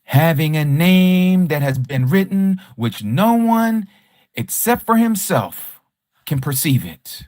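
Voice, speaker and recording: A man's voice: on the high side, lively intonation, slow, a little mellow, no room sound, clean studio sound. A man teaching scripture on a livestream, speaking emphatically and rhetorically, repeating key phrases and challenging a rival teacher. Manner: combative toward a rival teacher. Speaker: Bible study teacher.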